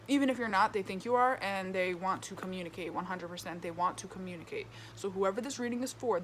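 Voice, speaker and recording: A woman's voice: medium pitch, slight background noise. A woman giving a casual tarot reading with a retainer in her mouth, chatty and full of fillers, often checking in with "okay?". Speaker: tarot reader.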